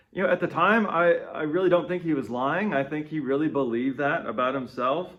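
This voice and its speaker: A man with a voice of ordinary middle pitch, reading a Bible passage and then reflecting on it as a devotional speaker. His delivery is conversational and plain, and he often tosses a quick "right?" to the listener. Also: a bit bright, muffled recording. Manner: conversational, tags points with "right?".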